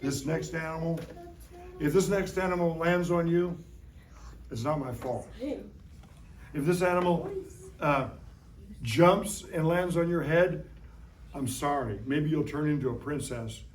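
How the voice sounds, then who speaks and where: Pausing often at a measured pace, a middle-aged science educator with a slightly high voice leads young children through a hands-on demo in an elementary school classroom. He's playful and jokey, coaxing answers with questions, and a little hiss or hum is audible.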